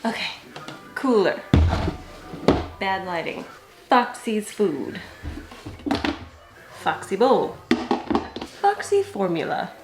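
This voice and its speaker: A woman's voice: medium pitch, wildly swooping pitch, slow, long pauses, echoey room, loud music behind the voice. Chatty self-mocking woman in her thirties. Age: 30s. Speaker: vlogger and kitten foster. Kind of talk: casual get-ready-with-me vlog. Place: at home getting ready.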